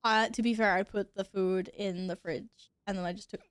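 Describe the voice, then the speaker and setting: A woman's voice: medium pitch, moderate pace, no room sound, clean studio sound. A woman streamer with the hiccups, chatting casually while gaming, giggly, flustered and swearing now and then. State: has the hiccups.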